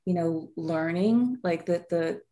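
Low-voiced woman telling a candid story. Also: slow, mellow. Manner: rambling, heartfelt, many fillers. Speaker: podcast guest.

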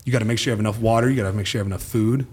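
Husky man telling a story with gusto. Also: on the low side, racing. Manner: animated storyteller who acts out quoted speech, swears casually. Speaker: guest, former pro football player. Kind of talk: casual storytelling podcast chat.

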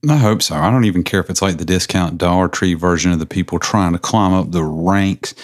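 A man's voice: sits low, brisk. A man co-hosting a podcast, making laid-back, joking comments in casual chat. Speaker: podcast co-host.

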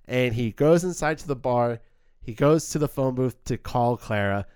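A man casually reviewing a film as a podcast co-host, animated and acting out quoted lines. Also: medium pitch, moderate pace, clean tone, no echo, studio quality.

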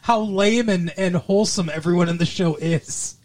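A man's voice: high voice, normal speed, darkish tone. A man co-hosting a casual recap chat, cracking jokes and tossing in goofy asides. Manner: joking, goofy asides and silly put-on accents. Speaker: podcast co-host.

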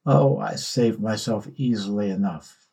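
A man voicing a calm, mysterious god in disguise who speaks quietly and without concern. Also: lowish voice, measured pace, vocal fry, breathy edge, exaggerated voice.

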